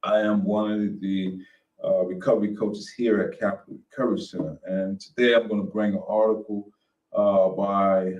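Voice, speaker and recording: A man's voice: fairly low pitch, level tone, normal speed, far from the mic, highs cut off. A man who works as a recovery coach, hosting a casual online support-group session and reading an article aloud. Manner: muttering to himself while fixing tech, then greeting warmly and reading aloud. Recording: echoey room, voice off-mic.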